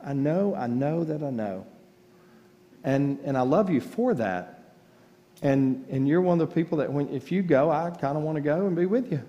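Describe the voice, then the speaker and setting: A man's voice: a little high, lively intonation, normal speed, warm tone, highs cut off. A man preaching a sermon as pastor, telling folksy stories and joking with the congregation. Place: large church sanctuary. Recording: church livestream with long reverb.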